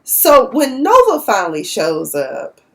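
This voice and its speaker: Gravelly sassy woman. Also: mid-range voice, wildly swooping pitch, a little slow, a bit bright. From Dallas, Texas. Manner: sassy, outspoken, cussing. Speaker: TV episode recapper. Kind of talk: casual episode recap.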